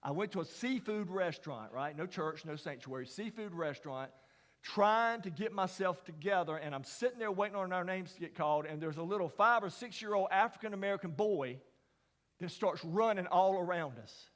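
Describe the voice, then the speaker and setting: Middle-aged guy preaching, high-ish voice, big echoey chapel, tells it like a story. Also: animated, normal speed. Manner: folksy, dramatic storyteller, drops to whispers and rises to near shouts. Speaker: chapel speaker. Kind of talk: storytelling sermon. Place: large university chapel. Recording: long hall reverb.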